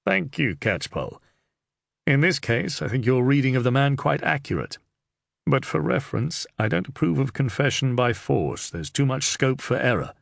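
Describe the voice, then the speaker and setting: A man voicing a serious, upright young under-sheriff who speaks in a measured, stern way in an audiobook. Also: medium pitch, sing-song, gravelly, no room sound, studio quality.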